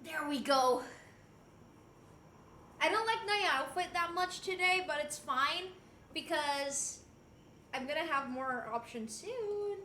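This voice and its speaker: Very high, lively-voiced woman streamer. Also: takes it slowly, long pauses, slight background noise. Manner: chatty, reads chat messages aloud; coos and teases her pet between comments. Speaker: live streamer. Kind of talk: casual live-stream chat. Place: at home.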